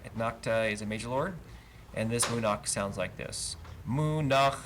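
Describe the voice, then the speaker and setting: A man speaking at a moderate pace, his fairly low voice even and steady, leads a Hebrew lesson one verse at a time. He chants each trope name aloud while patiently explaining the cantillation marks, and faint noise can be heard on the livestream.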